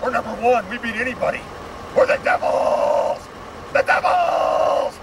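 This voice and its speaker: A rowdy male sports fan, very high shouting voice, slow and drawn out, swinging pitch, loud noise behind. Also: animated. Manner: shouting, chanting.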